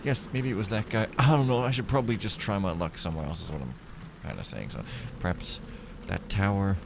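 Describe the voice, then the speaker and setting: A man with a deep, creaky voice talks fairly quickly over background noise, playing a stealth game as a let's play gamer. His commentary is casual and rambling, full of playful jokes to himself.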